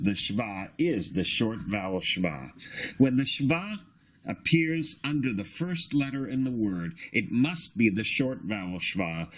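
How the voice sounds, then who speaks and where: A man teaching a beginner reading lesson in a patient, instructive way, sounding out syllables slowly. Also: lowish voice. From Australia. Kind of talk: slow recorded reading lesson.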